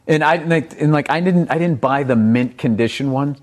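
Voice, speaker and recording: A man telling stories in a casual podcast chat, animated and full of profanity. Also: fairly high pitch, a little fast.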